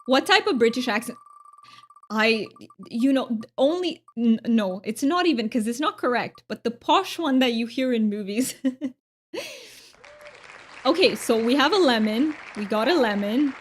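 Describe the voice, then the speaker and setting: A woman's voice: on the high side, expressive, a little slow, some chatter behind, a little hiss or hum. A woman from Romania streaming a game, chatting with her viewers in a bubbly, giggly way. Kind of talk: casual live-stream chat.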